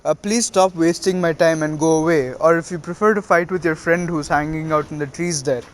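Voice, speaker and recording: A cool, aloof young ninja teacher, read by a man in a fan-made story. He talks calmly and dismissively, in a slightly high voice with little put on. The reading sounds plain and unhurried. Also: close to an everyday voice.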